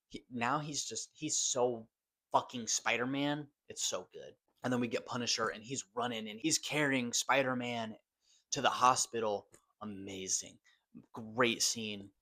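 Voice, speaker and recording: A man's voice: mid-range voice, fairly bright tone. A man giving a casual spoken film review, gushing and loose, swearing now and then for emphasis. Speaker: movie reviewer.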